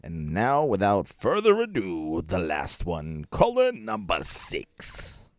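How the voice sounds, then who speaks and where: A man's voice: low voice, huge pitch swings, slow pace, no echo, studio quality. A man hosting a podcast, introducing callers in a laid-back, wry way. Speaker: podcast host. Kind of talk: casual hosting between calls.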